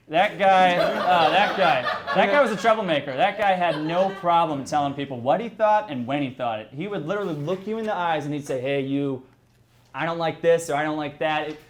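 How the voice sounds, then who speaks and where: A young man tells an improvised story in a rambling, mock-earnest way, correcting himself as he goes. His voice sits high. He talks at a quick clip. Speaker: comedy show host telling a made-up backstory.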